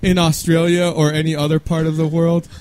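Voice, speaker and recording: A man's voice: a little high, little pitch movement, a little fast, a little mellow. A man co-hosting a radio show, trading jokes and teasing in loose banter. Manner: wisecracking, self-mocking.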